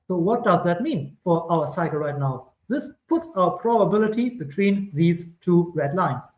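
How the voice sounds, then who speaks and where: A man's voice: a little high, darkish tone, roomy sound, poor audio. A man with a German accent giving casual crypto chart commentary, rambling and correcting himself with chatty asides. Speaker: crypto streamer.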